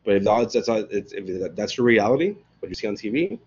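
A man teaches philosophy like he is telling a story to friends, swearing freely and leaning on "right?" to pull the class along. His voice sits low with a husky edge, and he jumps into slangy character voices when he acts out the story. The recording sounds dull and lo-fi. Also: sing-song, fairly quick, a little mellow. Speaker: philosophy lecturer. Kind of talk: casual, profane lecture retelling a story.

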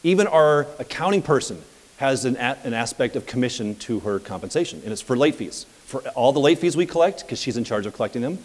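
A man coaching at a live seminar, telling anecdotes in an energetic, conversational way. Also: medium pitch, a little fast, in a large hall. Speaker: property management business coach. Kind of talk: live seminar talk with audience questions.

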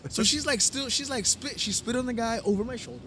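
A man's voice: very high voice, fast talker, sharp tone, slight background noise. A man, co-hosting a podcast and telling a long, profane story with many restarts. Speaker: podcast co-host. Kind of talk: casual storytelling chat.

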